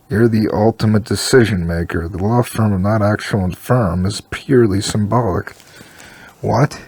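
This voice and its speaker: A man reads a story aloud in a low voice with a rough, gravelly texture and a husky edge. He voices every part in the same plain tone. The sound is close and dry, with no room behind it. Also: moderate pace, darkish tone, no echo. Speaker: story reader.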